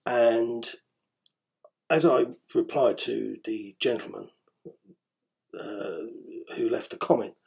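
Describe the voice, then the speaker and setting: Gravelly, rambling man. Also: mid-range voice, slow pace, long pauses, a little mellow. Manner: rambling, hesitant, many ums, wry. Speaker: podcast host. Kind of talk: casual spoken commentary.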